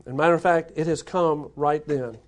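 High-pitched pastor preaching earnestly. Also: male voice, brisk. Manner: earnest, repeats words, reads scripture then preaches. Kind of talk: sermon.

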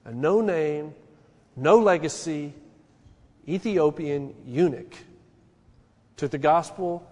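A man preaching a sermon as pastor, with a passionate delivery that swings between quiet stretches and loud rising peaks. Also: a little high, slow pace, long reverb tail.

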